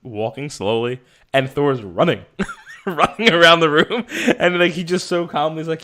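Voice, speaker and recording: A man's voice: on the high side, moderate pace, sharp tone. A man co-hosting a podcast, talking animatedly, laughing often and acting out quoted lines. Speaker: podcast co-host. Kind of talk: casual chat.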